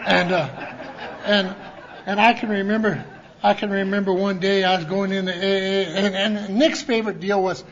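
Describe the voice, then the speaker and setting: High-voiced folksy man telling stories. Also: steady tone, normal speed, fairly bright tone, slight background noise. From Montana. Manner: folksy, rambling, many restarts, acts out quoted voices. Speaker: conference speaker. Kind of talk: recovery talk storytelling. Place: conference hall. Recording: lo-fi conference tape.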